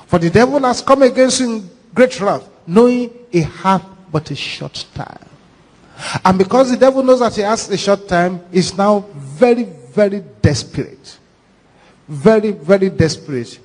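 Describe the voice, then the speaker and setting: A Nigerian man, a pastor, preaching a sermon with animated, repetitive, dramatic storytelling. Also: sits high. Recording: echoey hall reverb.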